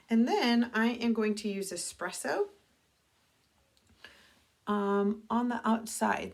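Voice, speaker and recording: Her voice is mid-range and darkish as she works through a makeup tutorial at home in the bathroom. The middle-aged makeup consultant keeps it casual and chatty, correcting herself while showing each step, captured by a camera mic.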